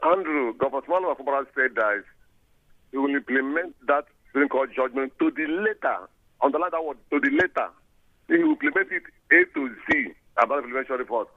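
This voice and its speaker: A man's voice: mid-range voice, big pitch swings, fast talker, vocal fry, dry recording. A man calling a radio show who argues emphatically, repeating phrases for stress, over a tinny phone line. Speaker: caller. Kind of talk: radio call-in opinion.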